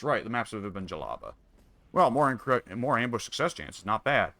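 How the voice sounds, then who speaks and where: A man's voice: medium pitch, very animated, moderate pace, pushed and bright, no echo. A man casually commenting on his own strategy game, musing and wry, talking half to himself. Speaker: gameplay commentator.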